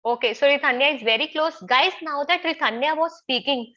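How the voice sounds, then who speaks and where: Woman, Indian English accent, teacher, online class, repeats points, high voice, slightly muffled call audio. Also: fairly quick, pushed and bright. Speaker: public speaking teacher. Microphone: video call.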